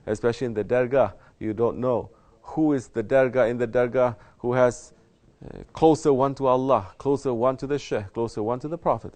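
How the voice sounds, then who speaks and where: A man's voice: medium pitch, a little mellow. A man teaching as a Sufi teacher, answering a question in a spoken sermon, emphatic and fond of rhetorical questions. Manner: emphatic, rhetorical questions, mock-quoting others. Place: Sufi lodge.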